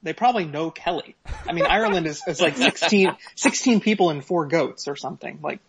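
A man's voice: a little high, brisk, a crowd in the background. A man co-hosting a podcast, reading an email aloud with sarcastic, profane, mock-dramatic commentary. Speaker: podcast co-host. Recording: slightly dull lo-fi podcast audio.

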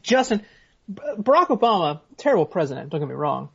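A man co-hosting a podcast over a remote call, dry and deadpan in his jokes. His voice is husky, and the line sounds dull and muffled. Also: a little high, fast. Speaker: podcast co-host. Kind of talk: casual comedic podcast chat.

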